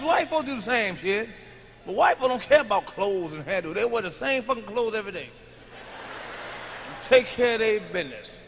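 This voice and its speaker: Brash male stand-up comic, very high, bright and forceful, loud profane delivery on a live stage. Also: creaky, long reverb tail, slight background noise. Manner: brash, profane, swings between muttering and shouted punchlines. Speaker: stand-up comedian. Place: large live comedy stage.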